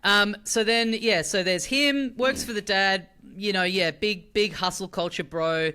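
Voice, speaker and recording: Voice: mid-range voice, unhurried, pushed and bright, smooth. A podcast co-host, recapping a show in casual chat with rambling sentences and fillers.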